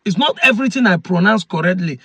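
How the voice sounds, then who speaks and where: A man's voice: high voice, expressive, fast, fairly bright tone, breathy edge, no room sound. A man with a Nigerian Igbo accent, a chief explaining a point earnestly and repeating key phrases. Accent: Nigerian English, Igbo. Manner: earnest, repeats points to drive them home. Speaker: community chief. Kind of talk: explanatory talk.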